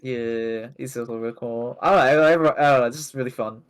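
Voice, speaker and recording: A player chatting casually after a tabletop session, easygoing and quick to laugh. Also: mid-range voice, clean tone. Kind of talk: casual post-session chat.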